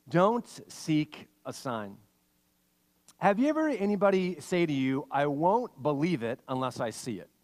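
A man preaching a sermon as pastor, reading scripture and telling a lively family story in animated bursts. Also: fairly high pitch. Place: church sanctuary. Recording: long hall reverb.

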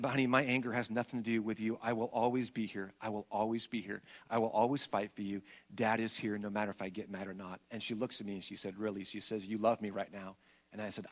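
A middle-aged male pastor preaching a sermon and telling family stories, rising to loud emphatic peaks and dropping to soft, hushed passages. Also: lowish voice.

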